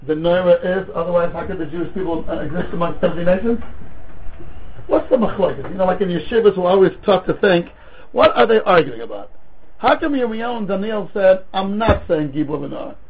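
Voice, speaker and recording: High, husky-voiced man teaching Talmud. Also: brisk. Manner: animated, mixes Hebrew and Yiddish terms into English. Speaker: rabbi teaching a Talmud class. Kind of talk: lecture with rhetorical questions and stories. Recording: tinny phone-like recording.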